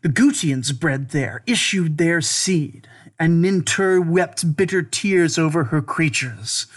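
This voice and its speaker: Brief: male narrator, slightly higher voice, grave and deliberate recitation of an ancient lament. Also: lively intonation.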